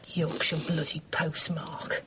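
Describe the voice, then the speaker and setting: A woman's voice: high-pitched, big pitch swings, normal speed, background noise. An actress playing a gossipy, teasing woman, in a TV drama.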